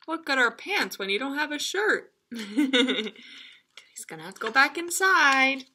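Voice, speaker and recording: Woman reading to kids, bright, lively voice, slow, gentle, playful. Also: high-pitched. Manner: gentle, playful, laughs often. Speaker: children's librarian. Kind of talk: children's story time reading. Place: library online session.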